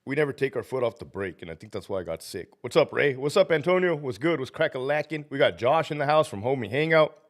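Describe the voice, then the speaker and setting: A man's voice: medium pitch, sing-song, fast, few pauses. A man hosting a casual livestream, a former prison officer who is sick and feverish, swearing heavily, ranting and laughing often between greetings to viewers.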